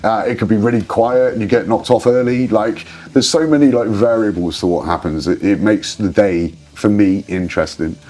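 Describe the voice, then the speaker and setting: A man in his forties, a guest telling rambling, animated stories and swearing freely in a casual interview. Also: fairly low pitch, normal speed, few pauses. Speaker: guest, drinks brand ambassador.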